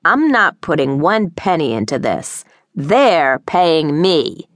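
A woman's voice: low voice, big pitch swings, takes it slowly, no echo, exaggerated voice. A woman voicing a coarse, bellowing abusive mother. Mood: harsh, berating. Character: harsh, drug-addled, abusive middle-aged mother. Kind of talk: audiobook character voice. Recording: dry close studio sound.

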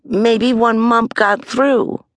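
A woman voicing a patient mother who speaks calmly and a little doubtfully in an audiobook. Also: a little high, very slow, no echo, pitched above the performer's own voice. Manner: calm, gently doubting. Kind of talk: audiobook character voice.

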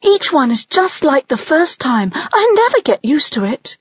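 A woman's voice: high voice, sing-song, measured pace, dry recording, lo-fi sound, voice pushed up. A woman voicing an anxious young mother barn owl in a storybook, fluttery and fretful.

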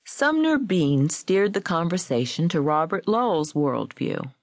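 A woman's voice: on the low side, very animated, no echo. Dry-voiced woman narrating a story. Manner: measured, clear storytelling. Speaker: audiobook narrator. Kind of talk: scripted narration.

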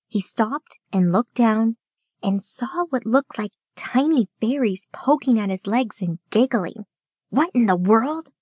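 A woman reads a children's storybook aloud in a clear, steady way. Her voice sits a little high and sounds dry and close to the mic. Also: no room sound. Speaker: audiobook narrator.

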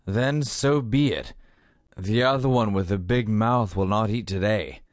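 A man's voice: lowish voice, a little slow, no echo, clean studio sound, close to an everyday voice. A man voicing a scornful jailer guard who taunts his prisoner. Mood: mocking. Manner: sneering, taunting.

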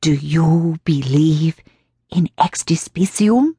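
Woman voicing a creepy old lady muttering and whispering in an audiobook, slow and low. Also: mellow, breathy edge, no room sound, clean studio sound, full character voice. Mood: eerie. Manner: whispery and growling.

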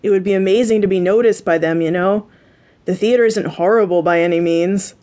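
A woman's voice: mid-range voice, brisk, mellow, lightly acted. A woman voicing a cocky young actor husband in an audiobook, easygoing and dismissive of worry. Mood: hopeful.

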